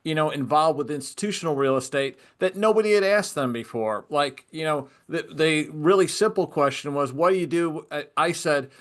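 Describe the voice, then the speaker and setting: A man's voice: fairly high pitch, moderate pace, hardly any pauses. A man hosting a podcast interview, chatty and storytelling, interjecting with his own experiences. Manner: chatty, tells stories with acted quotes. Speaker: podcast host.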